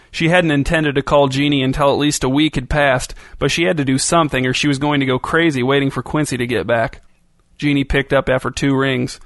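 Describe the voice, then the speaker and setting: A man narrating a novel in a steady, even storytelling voice. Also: a little high, no room sound. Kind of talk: audiobook narration.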